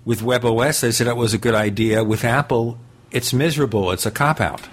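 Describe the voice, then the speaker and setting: A man's voice: medium pitch, a little fast. A man hosting a tech talk radio show, questioning his guest bluntly and reading ads himself. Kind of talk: radio interview and host-read ad.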